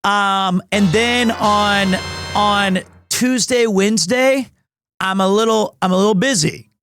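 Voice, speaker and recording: High-voiced rambling male streamer. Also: takes it slowly, soft background music. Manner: rambling, excitable, self-deprecating. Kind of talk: casual live-stream chat.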